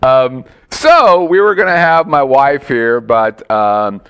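Brief: male host, casual banter, lively swooping pitch, playful and jokey. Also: slow pace, clean tone. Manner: joking, animated, breaks into laughter and silly voices. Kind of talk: casual chat.

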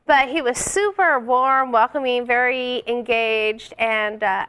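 A woman co-hosting a casual chat, recounting things in a chatty, measured way. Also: on the high side, fairly bright tone, clear, resonant tone. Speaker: co-host.

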